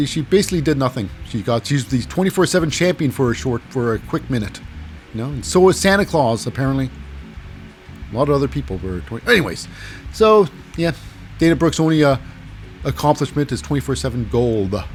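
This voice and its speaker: A man's voice: medium pitch, big pitch swings, moderate pace, darkish tone, faint music behind. A man casually recapping wrestling matches alone, rambling and sarcastic, often acting out what people said in silly voices. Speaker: wrestling show recap host. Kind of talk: casual solo recap commentary.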